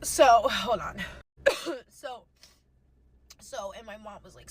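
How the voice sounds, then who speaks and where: A woman's voice: on the high side, animated, takes it slowly, pauses often, breathy edge, low-quality recording. A young woman telling a painful personal story to camera, emotional and close to tears, swearing and repeating herself.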